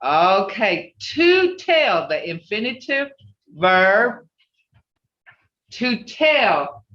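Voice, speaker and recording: Slow, patient online language teacher. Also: medium pitch, big pitch swings, bright, forceful tone. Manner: patient, repeats example phrases often. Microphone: video call. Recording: echoey, dull video-call audio.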